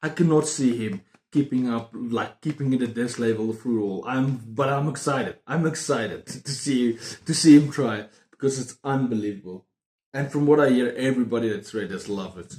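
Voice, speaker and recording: A man chatting casually about books on his video channel, excitable and prone to repeating himself. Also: mid-range voice, normal speed. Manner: excitable, repeats words and phrases. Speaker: book vlogger. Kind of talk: casual book review chat. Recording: roomy echo.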